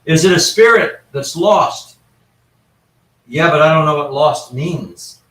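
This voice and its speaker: A man's voice: on the high side, lively intonation, slow pace, fairly bright tone. Rambling storyteller man, echoey and distant. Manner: rambling, with frequent restarts and asides. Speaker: guest paranormal investigator. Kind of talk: casual anecdotal storytelling. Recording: echoey room, far from the mic.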